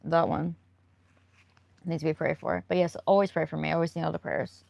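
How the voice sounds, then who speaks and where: A woman's voice: deep voice, little pitch movement, brisk, vocal fry, darkish tone, no echo. A woman live streamer chatting casually and answering viewer comments, rambling and laughing often.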